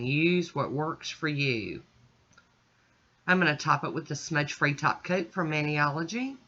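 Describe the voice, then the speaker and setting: Bright-voiced woman narrating a nail tutorial. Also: low voice, highs cut off. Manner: chatty, talks through each step. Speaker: nail art channel host. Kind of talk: casual voice-over nail tutorial.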